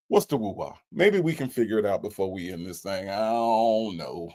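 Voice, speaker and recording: A man hosts a casual live stream, reading viewers' comments aloud. His voice has a gravelly, fry-tinged edge, and his pitch swings widely as he repeats himself in disbelief. His talk is loose and full of stammered restarts. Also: very animated, moderate pace. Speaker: live stream host reacting to a phone call.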